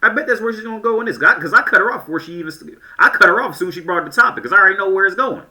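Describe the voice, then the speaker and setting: A man's voice: high voice, lively intonation, very fast, bright, forceful tone. A man giving casual reaction commentary in a blunt, crude way, often stammering and restarting his sentences.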